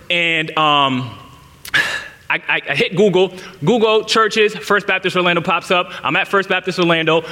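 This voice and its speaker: Man, 30s, preacher, candid personal storytelling, tense bright voice, reverberant church hall. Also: a little high. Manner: candid storytelling, speaks straight to the congregation. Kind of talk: sermon told as personal story.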